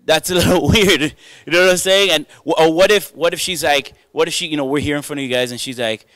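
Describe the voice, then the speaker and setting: A man's voice: a little high, quick pace, few pauses, fairly bright tone, no room sound. Self-mocking male stand-up comic. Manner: chatty, self-mocking, riffs with the crowd. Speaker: stand-up comedian. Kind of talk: stand-up comedy set. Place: comedy club stage before a live audience.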